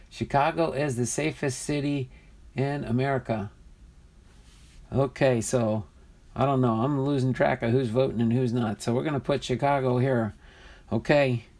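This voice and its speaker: A man casually hosting a live stream, chatty and easily amused as he reads viewer comments aloud. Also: medium pitch. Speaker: livestream host opening trading card packs.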